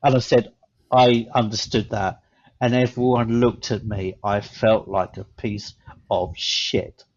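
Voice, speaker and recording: A man co-hosting a podcast, telling rambling stories in a casual chat that grow animated. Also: on the low side, a little slow. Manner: rambling storyteller, animated when telling a story. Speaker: podcast co-host. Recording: slightly dull lo-fi sound.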